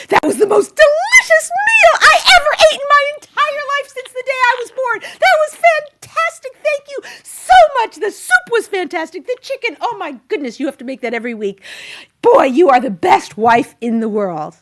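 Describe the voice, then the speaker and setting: A woman's voice: very high voice, big pitch swings, normal speed, a bit bright, voice pushed up, full character voice. A woman putting on an exaggerated voice of a husband gushing over his wife's cooking.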